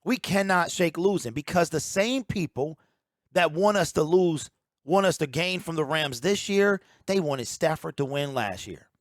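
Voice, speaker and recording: A man's voice: fairly high pitch, expressive, measured pace, dry recording. A man giving opinionated sports talk as a commentator, emphatic and ranting, repeating his key points on a close mic.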